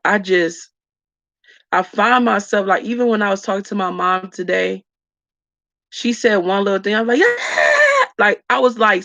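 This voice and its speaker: A woman's voice: mid-range voice, vocal fry, a bit bright, no room sound. A woman vlogger candidly telling her story to live viewers, raw and emotional, calling them y'all. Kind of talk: candid story-time livestream chat. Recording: dull lo-fi dry sound.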